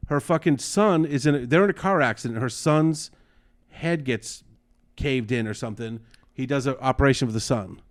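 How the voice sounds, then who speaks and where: A man co-hosting a casual podcast chat, retelling a story with animated acted-out quotes and frequent swearing. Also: mid-range voice, moderate pace. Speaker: podcast co-host.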